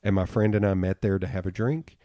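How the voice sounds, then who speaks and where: A man with a fairly low voice hosts a casual podcast conversation. He tells anecdotes in an animated way, leaping into higher voices to quote others. The sound is close and dry. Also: brisk, no room sound. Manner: animated storyteller, acts out quotes with jumps in pitch. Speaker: podcast host and designer. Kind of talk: casual interview chat.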